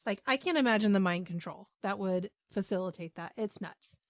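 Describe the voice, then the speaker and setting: A woman's voice: medium pitch, fairly quick, no echo. Chatty woman host, dry close sound. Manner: chatty, animated retelling with asides and filler ums. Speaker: podcast host. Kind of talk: casual storytelling chat.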